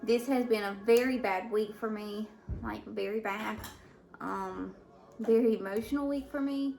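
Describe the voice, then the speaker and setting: A stay-at-home mom vlogging at home in casual chat, hesitant with many fillers and restarts, sounding overwhelmed and emotional. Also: female voice, mid-range voice, a little slow, vocal fry, a little mellow, faint music behind. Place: at home indoors. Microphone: camera mic.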